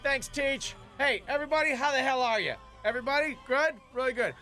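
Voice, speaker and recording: A man's voice: very high-pitched, brisk, music in the background, voice pushed up. A man voicing a sassy little girl greeting her class, brash and teasing.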